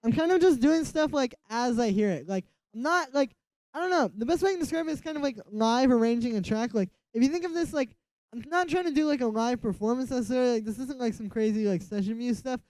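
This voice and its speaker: A man's voice: extremely high pitch, animated, fast talker, no echo. A man teaching music production in a casual tutorial, rambling and filling his talk with "like". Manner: rambling, fills speech with "like". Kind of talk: casual screen-recorded tutorial. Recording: music track playing under the voice. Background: electronic music playing loudly.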